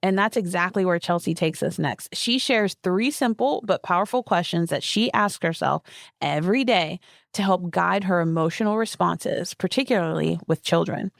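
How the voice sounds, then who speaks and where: Gravelly-voiced woman co-hosting a podcast. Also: fairly low pitch, normal speed, no echo, clean studio sound. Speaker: podcast co-host.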